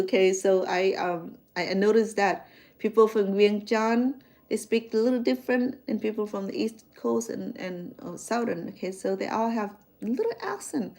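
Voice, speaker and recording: A woman's voice: a little high, creaky, a little mellow. A woman from Cambodia with a Cambodian accent, a chef chatting casually to her viewers, repeating words and checking in with "okay?". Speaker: chef and host.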